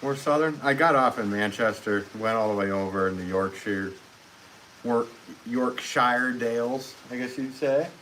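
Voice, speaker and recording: A man's voice: fairly low pitch, moderate pace. A man chatting casually on a live stream from his pottery studio, reading viewer comments aloud and answering with easy laughs. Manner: easygoing, reads viewer comments aloud and chats back with soft laughs. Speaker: potter live-streaming while throwing pots. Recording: noisy live-stream audio with clear background hiss.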